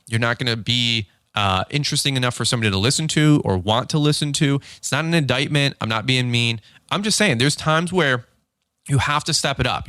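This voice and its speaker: A middle-aged man hosts a podcast and talks straight at the listener in a quick, excitable rush. His voice is bright and forceful, and it is recorded dry and close with no room sound. He slips into short acted-out exchanges as he goes. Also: mid-range voice, dry recording. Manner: fast-talking, excitable, acts out quick dialogue. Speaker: podcast host. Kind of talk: unscripted podcast monologue.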